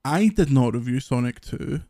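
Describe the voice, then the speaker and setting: A Scottish man hosting a podcast, telling lively, sweary stories in casual chat. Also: medium pitch, normal speed, no echo. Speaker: podcast host.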